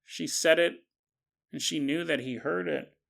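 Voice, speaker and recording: A man hosting a podcast, telling a story in a casual, animated way and joking and laughing as he goes. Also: a little high, unhurried, gravelly. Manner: animated, jokey, laughs often. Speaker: podcast host.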